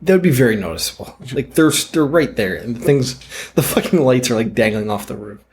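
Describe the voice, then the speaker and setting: A man's voice: mid-range voice, fairly quick. Laughing, joking podcast co-host, a man. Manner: laughs often, profane, relaxed banter. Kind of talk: casual movie discussion.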